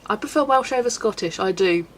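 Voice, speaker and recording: On her colouring livestream, a mid-range woman talks animatedly and fairly quickly, reading live comments, chatting casually and laughing a lot. There's faint noise in the background.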